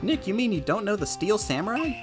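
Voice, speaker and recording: A man voicing an excitable teenage girl assistant, reading a video game aloud over game music. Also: high voice, brisk, voice pushed up. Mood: excited. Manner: squealing, breathless enthusiasm. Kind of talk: fan voice-acting of a game.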